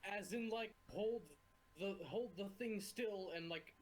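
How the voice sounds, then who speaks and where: A woman's voice: medium pitch, slow pace, low-quality recording. Woman stumbling over her words. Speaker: player. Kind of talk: casual tabletop play.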